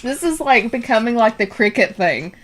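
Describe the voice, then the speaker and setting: A woman's voice: on the high side, big pitch swings, moderate pace, a bit bright, a little hiss or hum. A woman co-hosting a casual stream, giggly and easily embarrassed. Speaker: stream co-host. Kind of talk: casual chat.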